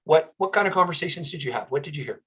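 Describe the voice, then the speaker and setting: A man hosting an online town hall, moderating it in an earnest, measured way and reading out audience comments. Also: fairly high pitch, animated, a bit bright, breathy edge. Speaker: town hall host, politician.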